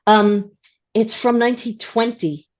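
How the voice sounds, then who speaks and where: A woman's voice: a little high, measured pace, darkish tone, dull audio. A middle-aged woman chatting in a book club discussion, talking easily and laughing often.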